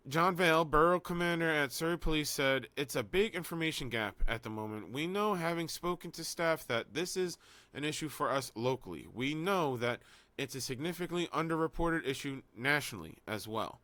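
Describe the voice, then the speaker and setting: A man's voice: fairly high pitch, expressive, fairly quick, bright, forceful tone, no echo. Sarcastic man co-hosting a talk show. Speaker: podcast co-host. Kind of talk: news reading and casual commentary.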